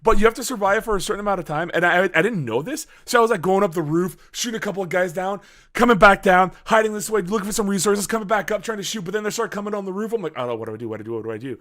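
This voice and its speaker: A man chatting on a podcast, telling a story in an animated way and acting out his own reactions, with a lot of swearing. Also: high voice, racing. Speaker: podcast host. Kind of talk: casual podcast chat.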